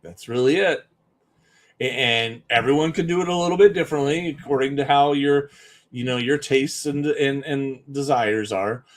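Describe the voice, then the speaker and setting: A man's voice: medium pitch, moderate pace. A man giving an emphatic, conversational live-stream talk as a business coach, often repeating points for stress.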